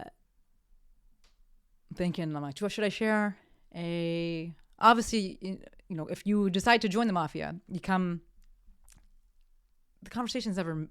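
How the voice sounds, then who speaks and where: A woman with a low, smooth voice hosts her own solo podcast, chatting casually and cheerfully, often correcting herself mid-sentence before signing off on an upbeat note. The sound is studio quality with no room sound.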